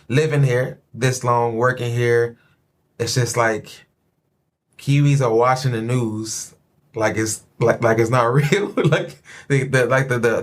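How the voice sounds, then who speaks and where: A man from Chicago with a Chicago American accent, hosting a casual podcast chat, animated and joking. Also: mid-range voice. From Chicago, USA. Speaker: podcast host.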